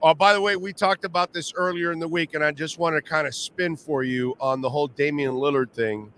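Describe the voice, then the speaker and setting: A sports radio host from Miami with a Miami accent, pitched a bit high for a man. He talks loosely and animatedly, with slang and restarts. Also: steady tone, brisk, a bit bright, slight background noise. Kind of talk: casual sports talk.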